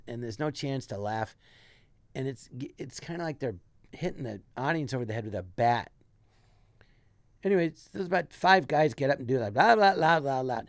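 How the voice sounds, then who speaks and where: A man's voice: mid-range voice, no echo. A man telling a rambling comic anecdote as a guest, with frequent restarts. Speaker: guest comedian. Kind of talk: casual storytelling.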